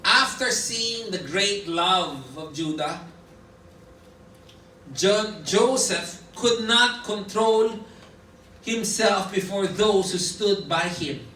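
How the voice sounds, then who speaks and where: A Filipino-accented man preaches in an animated storytelling way, his voice bright and forceful. He is caught from some distance in an echoey church hall, with faint noise behind him. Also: high voice, slow. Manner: animated storytelling, mixing in Tagalog asides. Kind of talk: sermon. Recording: echoey room picked up from a distance.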